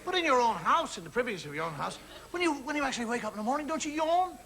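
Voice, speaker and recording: A man's voice: extremely high pitch, big pitch swings, racing, creaky, bright, forceful tone. A male stand-up comedian in a television studio, telling a confiding monologue to a live audience and acting out little scenes. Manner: conversational, confiding asides to the audience; acts out little scenes with mimed sounds. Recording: noisy old television recording with audience laughter.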